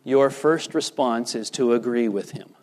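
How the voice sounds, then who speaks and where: A man preaching a sermon as a pastor, measured and deliberate, lifting his voice for emphasis. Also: mid-range voice, a little mellow. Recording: long reverb of a large hall.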